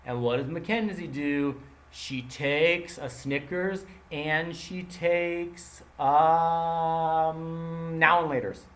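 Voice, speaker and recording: A man teaching a math lesson, explaining with playful everyday analogies in an animated, casual way, talking straight to his students. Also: on the high side, drawn-out words.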